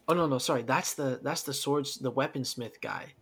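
A man's voice: mid-range voice, normal speed, fairly bright tone, slightly rough. A man hosting a casual chat about a video game, telling it as a rambling story with frequent laughs.

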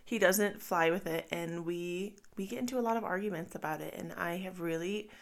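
A mother in her thirties speaks with a candid, reflective openness, her voice sitting a little low with a gravelly edge of fry. She tells her stories plainly, as if sharing with a friend. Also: a bit bright. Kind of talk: personal vlog monologue.

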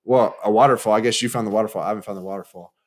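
A man's voice: on the low side, fairly even intonation, very fast. A man hosting a podcast, chatting in an easygoing way and talking straight to listeners. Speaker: podcast host. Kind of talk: casual chat.

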